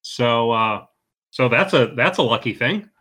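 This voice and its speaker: A man's voice: animated, a little slow, bright, forceful tone, slightly rough. A man co-hosting a casual podcast, recapping a comedy movie in a playful, jokey way and acting out lines. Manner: playful, jokey, acts out quotes in high voices. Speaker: podcast co-host.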